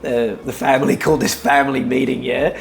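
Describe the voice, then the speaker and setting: A man's voice: medium pitch, little pitch movement, a little fast, gravelly, a little hiss or hum, rough recording. A man with an Australian accent, speaking bluntly and emphatically as a guest, telling stories in casual chat. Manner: blunt, emphatic, acts out his own lines loudly. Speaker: guest, real estate business owner. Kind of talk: casual storytelling.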